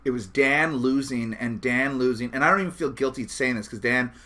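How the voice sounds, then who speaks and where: A man's voice: medium pitch, brisk, background noise. A man co-hosting a casual podcast, chatty and easygoing, swearing casually and laughing often. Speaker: podcast co-host. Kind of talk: casual chat.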